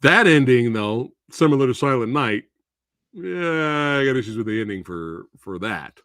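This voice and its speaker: A man hosting a live movie review, talking in a casual, animated way and slipping into exaggerated quoted voices. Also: mid-range voice, moderate pace, no room sound, clean studio sound. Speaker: host of a movie review show.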